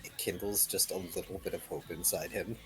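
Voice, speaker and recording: A man narrating his own character's actions in a tabletop game in a measured, dry way. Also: sits low, fairly even intonation, a bit bright, breathy edge, faint music behind. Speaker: player.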